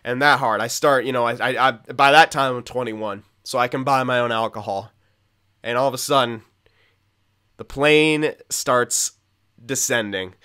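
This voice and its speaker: Young male gaming host, bright voice, frank and rambling, self-mocking laugh. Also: mid-range voice, normal speed, clear, resonant tone. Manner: candid, rambling, swears often, laughs at himself. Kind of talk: casual gameplay commentary.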